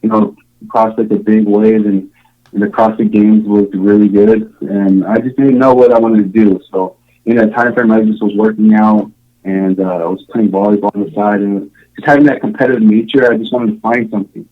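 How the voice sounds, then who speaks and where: A man's voice: lowish voice, fairly even intonation, a little fast, narrow, tinny audio. Man from Samoa telling his story. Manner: rambling, many fillers and restarts, frequent laughs. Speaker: podcast guest, show contestant. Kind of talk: casual storytelling interview.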